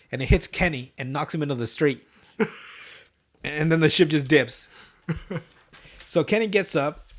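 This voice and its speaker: A young man hosting a podcast, casually retelling a cartoon episode with lots of swearing and laughter, jumping into raised voices for the characters' lines. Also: on the high side. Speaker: podcast host. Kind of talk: casual podcast recap, profane.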